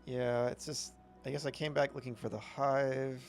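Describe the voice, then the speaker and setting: A man's voice: medium pitch, little pitch movement, moderate pace, creaky, faint music behind. A man streaming a video game, chatting casually with rambling, upbeat commentary. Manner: rambling, self-correcting, upbeat.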